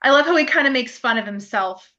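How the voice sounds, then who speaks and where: Bright-voiced woman, giggly podcast co-host. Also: on the high side, lively intonation, fast talker, dull audio. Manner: laughs often, enthusiastic, lots of agreeing murmurs. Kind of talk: casual TV episode review chat.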